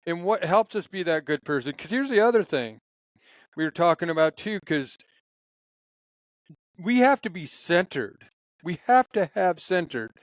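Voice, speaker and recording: Animated, rambling man with a smooth voice. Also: sits high, unhurried, pauses often, no echo, rough recording. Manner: rambling, animated storyteller with many restarts; passionate. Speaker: podcast guest. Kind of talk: casual conversation.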